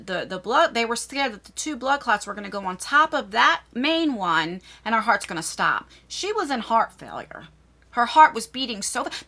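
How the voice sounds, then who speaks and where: A woman's voice: a little high, sharp tone. A woman in her forties telling a personal story in a vlog, emotional and rambling, often restarting her sentences. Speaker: vlogger.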